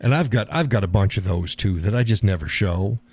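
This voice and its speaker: A man's voice: on the low side, animated, fairly quick, darkish tone. A man hosting a live stream, talking casually and rambling, chuckling at his own remarks.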